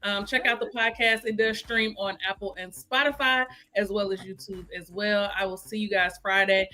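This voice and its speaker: A woman's voice: mid-range voice, fairly even intonation, moderate pace, sharp tone. A woman guest on a live-stream talk show who hosts her own podcast, joking playfully and speaking with emotion. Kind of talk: casual live-stream chat.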